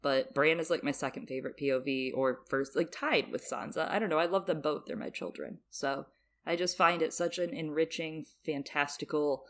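Young woman co-host, lower voice, casual chat, animated and prone to laughter, big swings in volume. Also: moderate pace. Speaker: podcast co-host.

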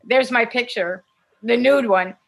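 An older American actress telling lively stories in a casual interview, laughing often. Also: female voice, a little high, a little slow, vocal fry, rough recording. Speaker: actress and guest.

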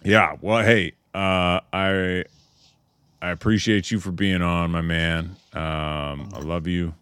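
A man's voice: low voice, fairly even intonation, slow, fairly bright tone, clear, resonant tone, no echo. A man hosting a podcast, making dry, wry remarks in casual chat. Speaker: podcast host.

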